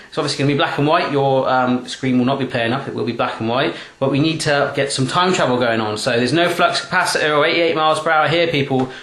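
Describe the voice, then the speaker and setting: A man's voice: on the high side, sharp tone, reverberant. A man hosting a home cooking show in a playful, jokey chat. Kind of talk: casual chat. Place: home kitchen.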